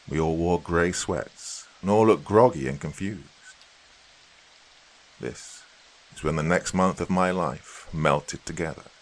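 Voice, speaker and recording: A man narrating a first-person horror story in a steady storytelling delivery. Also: low-pitched, low-quality recording.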